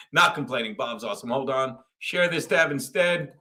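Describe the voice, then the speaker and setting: A man's voice: mid-range voice, animated, measured pace, sharp tone. Foul-mouthed ranting male streamer. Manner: crude, rambling, laughs often. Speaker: livestream host. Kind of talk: profane livestream rant and chat.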